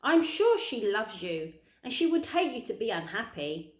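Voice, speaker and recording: A woman voicing a kindly, polite old male tramp with gentle, old-fashioned manners, in a roomy-sounding recording. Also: on the high side, sing-song, moderate pace. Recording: roomy echo.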